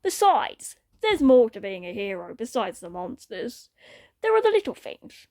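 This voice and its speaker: A woman's voice: on the high side, big pitch swings, measured pace, a little mellow. A woman voicing a small, boastful male cat sheriff who talks in a blustery, defensive way. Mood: lecturing.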